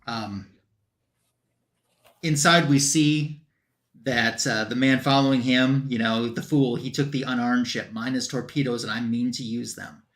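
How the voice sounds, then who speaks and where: Male host for a comic book chat show: easygoing, rambling recap full of fillers, medium pitch. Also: steady tone, a little slow, fairly bright tone. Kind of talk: casual comic book recap on a panel stream.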